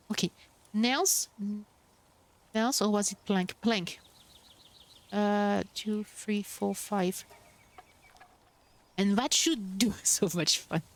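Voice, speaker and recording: A young woman streamer chatting casually while playing, bubbly and cooing over cute creatures. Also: medium pitch. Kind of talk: casual gameplay commentary.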